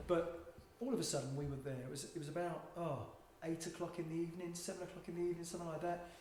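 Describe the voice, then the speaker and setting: A man's voice: a little high, little pitch movement, racing, a little mellow. A man telling a funny travel story in casual chat, laughing often as he goes. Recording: very echoey room with faint noise.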